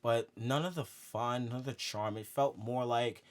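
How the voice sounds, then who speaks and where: A young man co-hosting a casual film podcast, animated and laughing as he makes his points. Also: mid-range voice, a little slow. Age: young adult. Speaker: podcast co-host.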